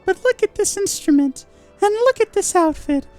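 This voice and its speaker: A man's voice: extremely high pitch, animated, moderate pace, soft background music, voice pushed up. Zelda, a sweet young girl, as a man puts her on. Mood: gushing.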